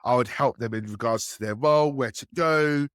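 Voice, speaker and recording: This podcast guest speaks at a normal speed with a clear, resonant tone, spinning casual stories about enterprise sales. He's animated, pitching his voice up whenever he acts out what someone said. The dry recording has studio quality.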